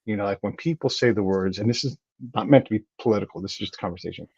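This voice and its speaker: A husky man hosts a podcast with a chatty, animated manner, his voice sitting a little low. The sound is somewhat dull and dry. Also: rapid-fire, no echo. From United States. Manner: animated storyteller, chatty with frequent restarts. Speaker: podcast host. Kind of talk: casual interview chat.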